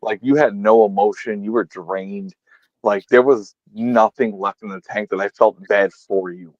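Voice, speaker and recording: A man's voice: lowish voice, steady tone, unhurried, no room sound, highs cut off. A man with a New England accent co-hosting a fishing podcast, retelling phone calls in an emphatic, profane casual chat. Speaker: podcast co-host.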